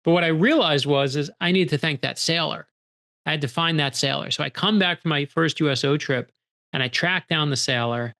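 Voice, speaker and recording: A man's voice: on the high side, brisk, vocal fry, sharp tone. A middle-aged male author being interviewed, telling stories animatedly and acting out the quoted dialogue. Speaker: author guest. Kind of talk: storytelling interview conversation.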